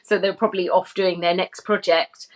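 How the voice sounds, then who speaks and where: A woman's voice: on the low side, level tone, moderate pace. A woman telling an anecdote as a podcast guest, chatty and giggly, with plenty of fillers. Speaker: podcast guest, former film extra. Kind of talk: casual chat, anecdote.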